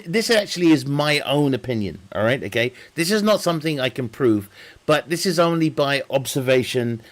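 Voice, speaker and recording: A man streaming a game, chatting casually in a rambling, joking way, laughing often and swearing. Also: mid-range voice. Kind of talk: casual live-stream chat.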